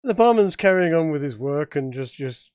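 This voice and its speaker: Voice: medium pitch, expressive, moderate pace, darkish tone, dry recording. A game master narrating a tabletop game, stammering and repeating words as the game master thinks aloud. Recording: dry, slightly muffled recording.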